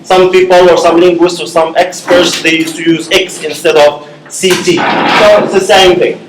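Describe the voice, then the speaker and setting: In an echoey classroom with some background noise, a male linguistics lecturer explains things one step at a time, peppering his talk with "okay?" and "right?" as rhetorical checks. His voice is high and steady in tone, at a moderate pace.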